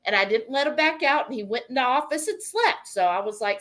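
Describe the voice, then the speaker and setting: A woman's voice: fairly high pitch, expressive, brisk, fairly bright tone. A woman hosting a casual live cooking stream from her home kitchen, chatting and reading viewer comments aloud. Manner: chatty, reads out and answers chat messages.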